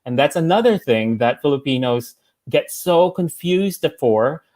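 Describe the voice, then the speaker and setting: A man's voice: on the high side, expressive, measured pace, a little mellow. A Filipino American man in a casual livestream discussion, talking thoughtfully with many fillers and restarts. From United States. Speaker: panelist.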